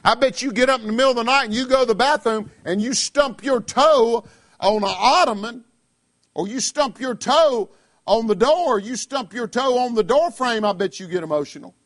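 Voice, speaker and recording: Southern preacher, high-pitched, fervent, shouts at peaks, mimics his listeners. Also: normal speed. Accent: Southern American. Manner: impassioned, rising to shouts, acting out listeners' objections. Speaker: pastor. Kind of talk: radio sermon.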